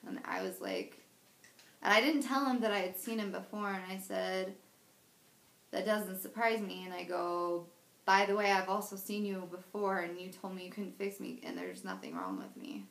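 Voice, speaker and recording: A woman's voice: mid-range voice, very animated, moderate pace, fairly bright tone. Twenties woman rambling thru her story, emotional, lots of restarts, echoey room. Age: 20s. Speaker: patient sharing her surgery story. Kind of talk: personal video diary.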